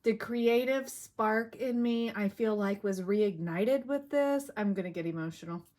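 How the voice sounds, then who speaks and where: A woman's voice: medium pitch, measured pace, darkish tone. A middle-aged woman hosting a casual crafting vlog, chatty and self-deprecating, with plenty of fillers as she walks through a finished project. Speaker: crafting channel host.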